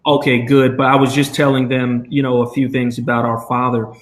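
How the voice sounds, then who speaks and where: A man's voice: mid-range voice, flat delivery, brisk, roomy sound. A man hosting a live video chat, talking earnestly and rambling with many fillers. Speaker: show host.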